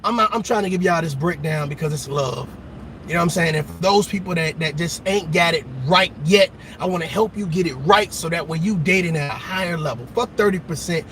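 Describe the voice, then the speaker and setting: A man delivering a profane comedic rant about dating, laughing and shouting as he goes. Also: on the high side, a little fast, a little hiss or hum. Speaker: dating commentator.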